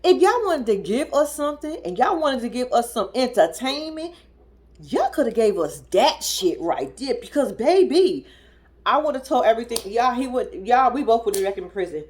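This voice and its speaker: A young woman talks straight to her audience in a loose, profane rant, sounding incredulous and animated. Her voice sits a little high, and she jumps up into squeaky mimicry whenever she imitates someone. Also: moderate pace. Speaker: reality TV commentator. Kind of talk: casual reaction commentary.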